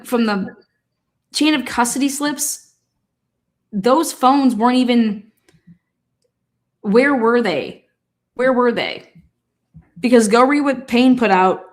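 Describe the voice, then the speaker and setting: A woman talking through a case in a casual livestream, rapid, heated and full of swearing. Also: a little high. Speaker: true-crime commentator.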